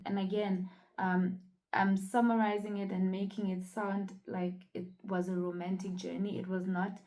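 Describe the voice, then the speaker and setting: Young woman vlogger from South Africa, earnest testimony, flat mellow delivery. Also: mid-range voice, normal speed, poor audio. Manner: earnest, reflective, many fillers. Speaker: vlogger sharing a personal testimony. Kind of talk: casual personal storytelling.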